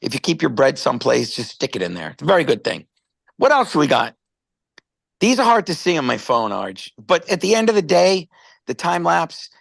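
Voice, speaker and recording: Gravelly, animated man telling stories. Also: a little high, moderate pace, dry recording. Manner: rambling storyteller, animated, repeats words. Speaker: company presenter on a product stream. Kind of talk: casual live product chat.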